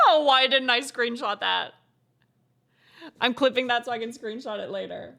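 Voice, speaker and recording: A woman's voice: a little high, measured pace, gravelly, pauses often, noisy background. A young woman casually chatting while playing a game, laughing often and swearing freely over game music. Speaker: gaming streamer. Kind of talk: casual let's-play chat.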